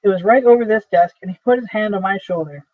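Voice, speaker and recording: A man's voice: high-pitched, fast, dry recording. A man reading the part of an aging, desperate male traveling salesman who pleads and insists, in a dry, tinny recording. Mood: pleading. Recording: dry, tinny phone-like sound.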